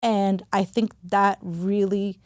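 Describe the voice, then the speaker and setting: A woman's voice: medium pitch, little pitch movement, slow pace, a little mellow, dry recording, studio quality. A woman guest on a podcast, speaking candidly and earnestly in a conversational interview, stressing words as she reflects.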